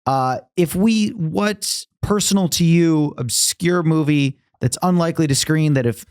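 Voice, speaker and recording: A man hosting a podcast in a studio, relaxed and chatty with lots of agreeing fillers. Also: fairly high pitch, unhurried, clear, resonant tone, dry recording. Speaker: podcast host. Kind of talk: casual chat. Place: recording studio.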